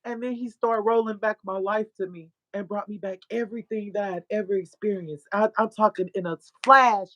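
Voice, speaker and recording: A woman, a podcast guest and author, telling an animated, profane story of her faith. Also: medium pitch, fairly quick, hardly any pauses, dry recording. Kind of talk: casual testimony.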